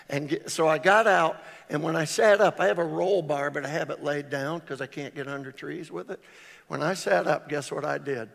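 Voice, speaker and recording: A man pastor preaching a storytelling sermon, his voice swinging loud on exclamations. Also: fairly high pitch, fairly quick, creaky. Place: large church hall. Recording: reverberant church hall.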